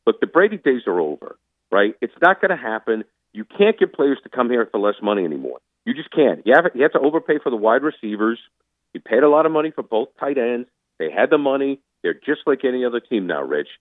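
A man's voice: mid-range voice, very animated, fast talker, dry recording. A man calling in as a sports commentator, talking in a casual interview with emphatic, opinionated rants. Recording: tinny phone line.

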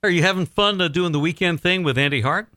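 A man's voice: high-pitched, quick pace, sharp tone, dry recording, clean studio sound. A man hosting a radio interview, asking questions and bantering with jokes. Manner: jokey, bantering. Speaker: radio host.

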